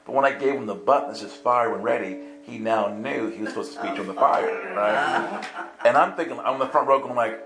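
Preacher, male, gravelly, lively storyteller who acts out dialogue; roomy church sound with steady music underneath. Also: medium pitch, brisk. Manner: animated, acts out voices and laughs through the story. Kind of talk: storytelling sermon. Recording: echoey room with music underneath. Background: soft instrumental music.

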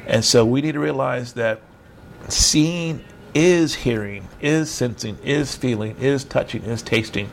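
A middle-aged man delivers an informal sermon over a video call in a gravelly voice of ordinary pitch. He rambles in a conversational way and pokes fun at himself. A faint hiss sits under the voice. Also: measured pace. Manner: conversational and rambling, with self-mocking humor. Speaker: preacher.

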